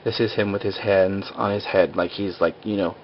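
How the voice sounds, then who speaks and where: A man's voice: deep voice, steady tone, normal speed, a little hiss or hum. A man casually recapping a TV episode in a rambling way, full of fillers, on a slightly dull lo-fi recording. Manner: rambling, full of "like" and "you know".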